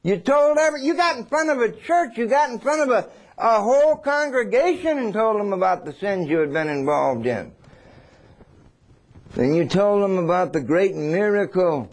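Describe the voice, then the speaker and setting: Preacher delivering a dramatic sermon. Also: male voice, high voice, animated, normal speed. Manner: dramatic, swings between loud and hushed, acts out scenes.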